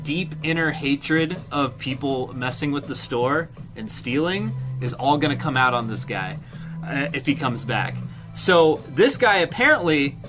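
A young man streamer telling a story casually, swearing and acting out quotes. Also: on the high side. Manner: animated, swearing, acts out quotes with laughs.

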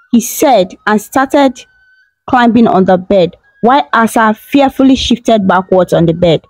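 A woman's voice: medium pitch, lively intonation, a little slow, darkish tone, dry recording, rough recording. Woman narrating a folktale over music. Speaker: storyteller. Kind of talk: scripted storybook narration. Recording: dry close mic with faint music.

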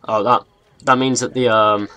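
Chatty English gamer with a mixed accent. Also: male voice, medium pitch, normal speed. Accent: mixed northern and southern English. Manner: chatty, rambling, excitable. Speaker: gaming YouTuber. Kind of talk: let's play commentary.

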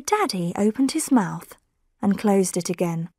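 Slow, clear woman storyteller. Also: medium pitch, very animated, mellow, no echo, clean studio sound. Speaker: narrator. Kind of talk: graded reader narration for learners.

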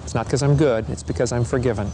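A middle-aged man preaching a lively seminar talk to young people, folksy and energetic in his storytelling. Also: mid-range voice, fast, a little hiss or hum. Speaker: evangelist speaker.

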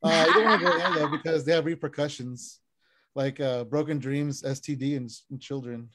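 A man performing a stand-up set over a video call, deadpan one-liners with frequent "uh" fillers. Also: a little high, a little fast, very noisy. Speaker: stand-up comic.

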